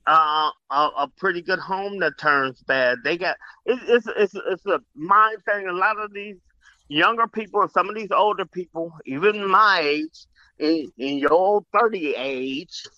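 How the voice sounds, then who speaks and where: A man's voice: high voice, measured pace, sharp tone, dry recording. A man talking emphatically in a casual group discussion, repeating words and swearing casually. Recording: muffled lo-fi sound.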